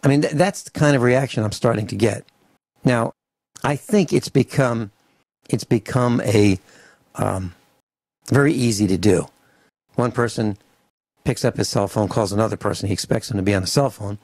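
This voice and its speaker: A man hosting a radio talk show, ranting in an animated, grumbling way and acting out little mock dialogues. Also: on the low side, normal speed, pauses often, dry recording. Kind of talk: opinionated radio talk and rant. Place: home studio on a farm. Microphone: studio microphone.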